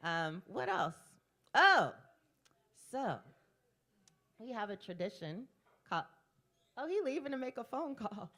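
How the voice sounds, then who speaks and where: A woman's voice: on the high side, very animated, measured pace, long pauses, bright, forceful tone. A woman hosting a live poetry slam, teasing and swearing at the crowd in brash emcee banter. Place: live poetry venue in a bar.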